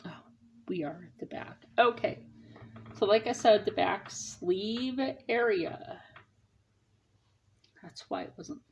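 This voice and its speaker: A woman's voice: mid-range voice, slow pace, gravelly, long pauses, slight background noise. A middle-aged woman hosting a casual sewing tutorial, chatting and explaining each step as she sews. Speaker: sewing channel host.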